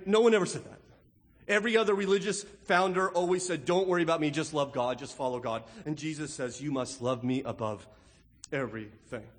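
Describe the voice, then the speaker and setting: A man's voice: high voice, fairly bright tone. A middle-aged male pastor preaching an emphatic sermon, often asking "right?" as he makes his points. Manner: emphatic, rhetorical, with repeated "right?". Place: church sanctuary. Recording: long hall reverb.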